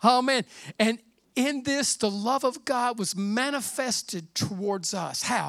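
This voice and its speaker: A middle-aged man preaching a sermon in a fervent, conversational way, often dropping to a hushed near-whisper. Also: extremely high pitch, slow pace, vocal fry, no room sound, clean studio sound. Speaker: pastor.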